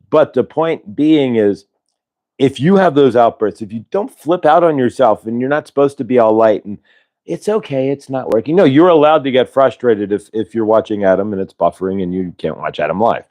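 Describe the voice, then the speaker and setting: A man hosting a casual spiritual livestream, reading cards and talking in a rambling, halting way with many fillers and restarts. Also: medium pitch, a little mellow. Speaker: channeler and show host.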